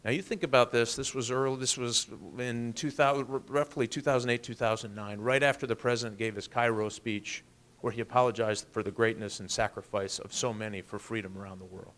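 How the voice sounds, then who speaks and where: A man's voice: mid-range voice, fairly even intonation, brisk, fairly bright tone. A man, a congressman, giving a political speech with earnest storytelling and emphatic rises.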